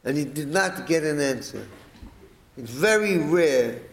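A middle-aged man telling a family story to listeners, rambling and animated, acting out the quoted speech. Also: on the high side, measured pace, roomy sound, low-quality recording.

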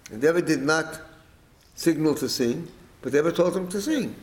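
A middle-aged man telling a family story to listeners, rambling and animated, acting out the quoted speech. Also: a little high, normal speed, reverberant, rough recording.

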